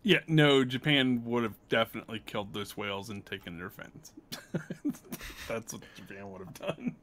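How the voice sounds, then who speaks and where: A man co-hosting a podcast in casual chat, dry and teasing with deadpan replies. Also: medium pitch, normal speed, slight background noise. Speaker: podcast co-host.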